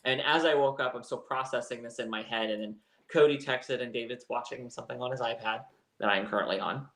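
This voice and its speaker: A man's voice: mid-range voice, steady tone, fairly quick, fairly bright tone, echoey room. A man co-hosting a live chat show, telling a personal story in a candid, rambling way. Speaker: co-host. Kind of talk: casual chat.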